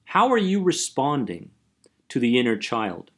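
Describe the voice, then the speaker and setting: A man's voice: medium pitch, big pitch swings, a little slow, a bit bright. A man hosting a self-help podcast, talking earnestly and emphatically about anxiety and often checking in with "right?". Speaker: anxiety coach and podcast host. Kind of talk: motivational self-help talk.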